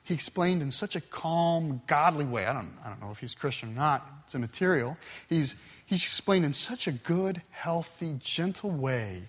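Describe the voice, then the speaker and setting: A man's voice: fairly high pitch, fairly bright tone. A middle-aged man teaching a Bible class in a conversational way, telling a personal story earnestly with frequent restarts.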